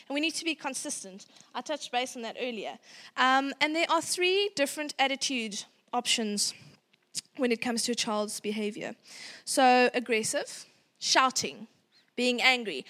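A woman in her thirties giving a casual parenting workshop talk, chatty and animated, acting out parents and children. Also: high voice, normal speed. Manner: chatty and animated, acts out parent and child voices, laughs often.

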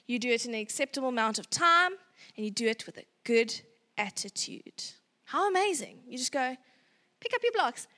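A woman in her thirties giving a casual parenting workshop talk, chatty and animated, acting out parents and children. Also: high-pitched. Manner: chatty and animated, acts out parent and child voices, laughs often.

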